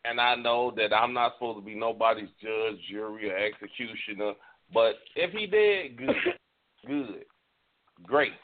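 A man's voice: lowish voice, lively intonation, unhurried. A middle-aged man hosting a casual radio talk show, cursing heavily and ranting heatedly. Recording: tinny phone-like audio.

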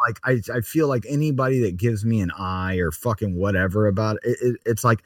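A man's voice: lowish voice, a little fast, hardly any pauses, no echo, distant mic. A man co-hosting a podcast, riffing in a laid-back, swearing way. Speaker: podcast co-host. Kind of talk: casual podcast chat.

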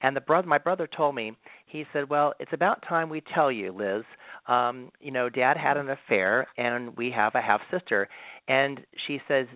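A man's voice: mid-range voice, normal speed, no room sound. A man talks through a long anecdote, full of ums and restarts. The sound is tinny and narrow, like a phone line, and completely dry with no room sound. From Southern California. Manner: rambling, many ums and restarts. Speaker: medium, guest. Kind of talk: casual interview storytelling.

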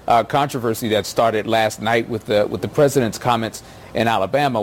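A man's voice: medium pitch, darkish tone. A man giving thoughtful political analysis on a news panel, with frequent hesitations. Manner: thoughtful, with many uh fillers. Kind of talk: measured news panel commentary.

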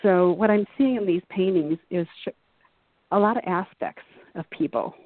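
A woman's voice: lowish voice, moderate pace, no room sound. A woman as an interview guest, talking in an earnest, reflective, rambling way. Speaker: guest artist. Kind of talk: casual interview chat. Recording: dry tinny phone line.

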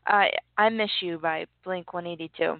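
Woman, podcast co-host, casual music chat, relaxed and chatty, dry tinny phone sound. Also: on the low side, moderate pace, creaky, no echo. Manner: relaxed, chatty, laughs easily.

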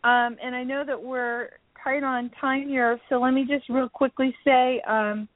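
A woman's voice: high-pitched, flat delivery, a little slow, dry recording. Chatty woman radio host on a thin line. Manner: chatty, lists upcoming guests with many fillers. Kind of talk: casual radio chat. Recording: narrow phone-like line, dry.

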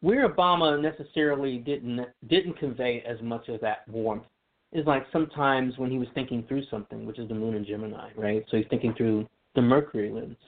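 Man explaining astrology as a radio guest, chatty, lots of um and you know, mid pitch, phone line audio. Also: fairly quick. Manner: chatty and explanatory, many fillers. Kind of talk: casual radio talk.

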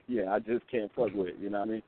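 A man calling in to a radio show, talking in a halting way with many fillers. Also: fairly low pitch, fairly even intonation. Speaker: caller. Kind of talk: casual call-in chat. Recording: phone-like line, faint noise.

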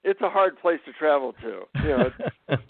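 A male psychotherapist and author telling an animated anecdote as an interview guest. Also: a little high, moderate pace, no echo. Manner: animated, self-deprecating anecdotes. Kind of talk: conversational storytelling. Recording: dry, tinny phone-line sound.

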